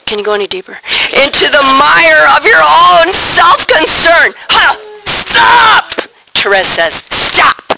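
A woman's voice: high voice, very animated, normal speed, creaky, sharp tone. A woman giving an informal retreat talk to a live group, chatty and conversational, acting out little scenes for her listeners. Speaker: retreat speaker. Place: meeting room with a live group. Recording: noisy room recording.

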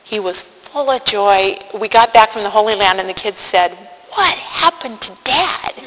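A woman's voice: mid-range voice, steady tone, normal speed, fairly bright tone. A middle-aged woman giving a heartfelt personal faith testimony, earnest and stumbling over her words at times. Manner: earnest and heartfelt, with frequent restarts. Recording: reverberant hall with faint noise.

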